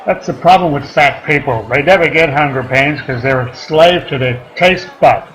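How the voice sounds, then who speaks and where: A man performing a stand-up comedy set, rambling between deadpan one-liners and crude asides. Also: fairly high pitch, normal speed, rough recording. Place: comedy club stage. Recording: live club recording with crowd noise. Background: audience laughter and room noise.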